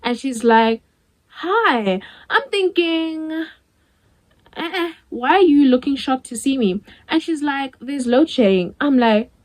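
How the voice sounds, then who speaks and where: Woman, South African accent, twenties, slightly high voice, chatty storytime vlog, acts out dialogue. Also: slow pace, rough recording. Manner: animated storytelling, acting out dialogue; chatty, many "like" fillers. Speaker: vlogger.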